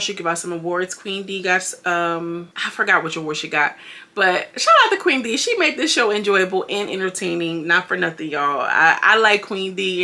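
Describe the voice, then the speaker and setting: A woman giving a chatty, animated recap of a reality show and talking straight to her viewers. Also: mid-range voice. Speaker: reality TV commentator. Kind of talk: casual recap commentary.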